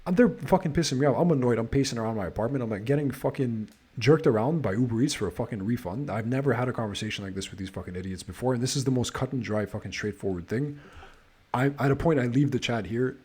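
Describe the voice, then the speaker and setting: This man's voice is warm and husky, mid-range, and he talks fast. Hosting a podcast, he spins a laid-back story full of nonstop profanity, restarting sentences in exasperation.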